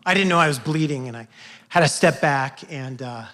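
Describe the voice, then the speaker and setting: A man at a live workshop telling a personal story on stage, talking earnestly in a halting way with many restarts. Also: medium pitch, fairly bright tone. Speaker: workshop participant. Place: event hall with audience.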